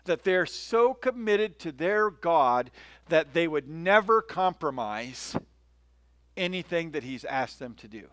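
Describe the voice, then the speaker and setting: A male pastor preaching a sermon in a relaxed, conversational way, telling stories and often checking in with his listeners. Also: on the high side, slow pace, dry recording. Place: church.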